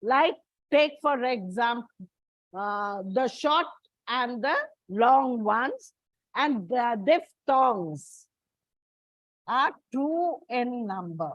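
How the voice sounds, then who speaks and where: A woman's voice: a little high, expressive, drawn-out words, long pauses, dry recording, muffled recording. A woman teacher, giving a classroom lecture and explaining step by step. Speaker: English teacher.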